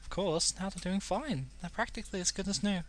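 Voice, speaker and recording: A man's voice: sits high, fairly quick, pitched above the performer's own voice, close to an everyday voice. Wise little sprite, thoughtful, British, voiced by a man.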